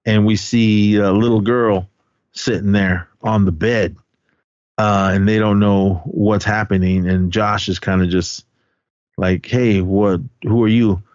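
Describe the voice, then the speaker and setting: A man's voice: lowish voice, little pitch movement, a little slow, a little mellow, no room sound, dull audio. A man co-hosting a podcast, recapping a film's plot in a casual, rambling way, full of fillers and restarts. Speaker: podcast co-host.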